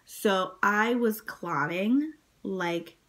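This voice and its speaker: A woman talking straight to camera about a big day in her life, loose and conversational. Her speech is packed with "like" and "um", and she jumps up into a high voice whenever she quotes people. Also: very slow, a bit bright. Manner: chatty, many fillers, acts out quotes in a high voice. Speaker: vlogger telling her birth story. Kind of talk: casual personal storytelling to camera.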